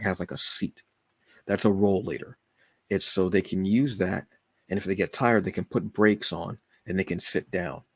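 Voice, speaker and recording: A man with a deep, gravelly, slightly husky voice tells a personal story on his podcast. He speaks in an emotional, confessional way, full of fillers and restarts, and the recording is dry and close. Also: no echo. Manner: halting, with many fillers and restarts. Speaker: podcast host.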